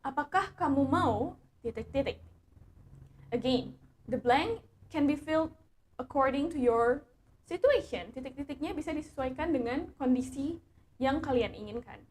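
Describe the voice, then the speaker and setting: A high-pitched woman with an Indonesian accent leads a bilingual English lesson. She says each English phrase slowly and then explains it briskly in Indonesian. A faint hiss sits under the recording. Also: animated, darkish tone. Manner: switches between slow, careful English and quick Indonesian explanation. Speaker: English teacher.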